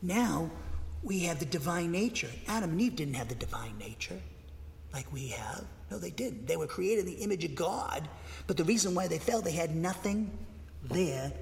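A man's voice: a little high, expressive, normal speed, creaky, a little mellow. An older man preaching a sermon, telling stories in a rambling, folksy way with sudden bursts of emphasis. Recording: long hall reverb.

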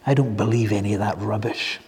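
A man's voice: fairly low pitch, steady tone, fairly quick, a little mellow, big-room sound, voice pushed down, lightly acted. A man voicing a bitter, distrustful male taxi driver in a sermon, speaking bluntly and dismissively.

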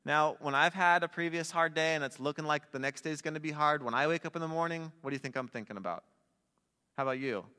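A man preaching a sermon in a relaxed, conversational way, with jokey asides to a young audience. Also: fairly high pitch, quick pace, smooth. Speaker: pastor. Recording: long hall reverb.

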